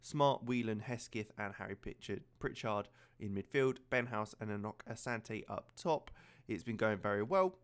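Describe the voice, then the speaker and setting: A man's voice: fairly low pitch, moderate pace, clean tone. Chatty man doing game commentary. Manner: chatty, excitable play-by-play with fillers. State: slightly out of breath. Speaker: gaming channel host.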